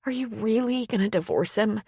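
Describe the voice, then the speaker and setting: A woman narrator voicing an emotional, tearful pregnant young woman in an audiobook, speaking a little higher than her narration. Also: normal speed, gravelly, mellow, breathy edge, dry recording, clean studio sound. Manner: tearful, sniffling.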